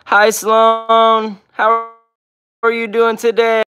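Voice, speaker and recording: Speaking in a mid-range voice that is pushed and bright yet completely flat, and extremely slow, a pet channel host chats on a casual livestream. They greet viewers by name, read comments, and coo at the dogs using affectionate baby talk.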